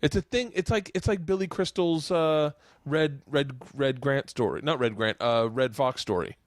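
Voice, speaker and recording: A man hosting a podcast, telling comedy stories in animated casual chat, swearing and acting out voices and band sounds. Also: a little high, normal speed, dry recording, studio quality. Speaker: podcast host.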